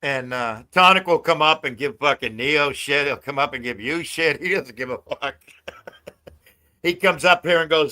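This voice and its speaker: A man's voice: mid-range voice, animated, moderate pace, sharp tone. An older man hosting a casual phone livestream, talking loosely with lots of swearing and laughter. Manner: loose, profane, laughs a lot. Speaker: livestream host.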